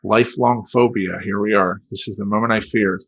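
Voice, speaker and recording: Guy rambling thru a funny story, self-mocking, gravelly voice, dull lo-fi audio. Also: lowish voice, steady tone, a little fast. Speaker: life coach telling a story. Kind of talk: comedic personal storytelling. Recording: dull lo-fi sound.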